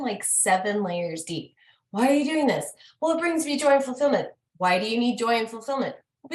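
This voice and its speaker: A woman hosting a casual talk, chatting in an animated way and quizzing herself with repeated questions. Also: fairly high pitch. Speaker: host. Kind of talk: casual chat. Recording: roomy echo.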